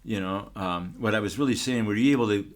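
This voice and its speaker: An older man, a photographer, telling a story in a relaxed, rambling way, full of restarts and fillers. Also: on the low side, fast. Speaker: photographer, guest.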